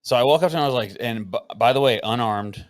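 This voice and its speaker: A man hosting a podcast who tells a story in a casual, animated way, acting out the quotes and swearing freely. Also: mid-range voice, fast, no room sound, clean studio sound. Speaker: podcast host.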